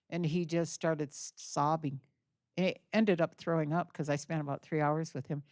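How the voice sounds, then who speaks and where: A woman's voice: deep voice, steady tone, normal speed, a little mellow, no echo, clean studio sound. An older woman giving a talk in an auditorium, telling a vivid story in earnest and acting out the dialogue. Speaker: guest speaker. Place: college auditorium.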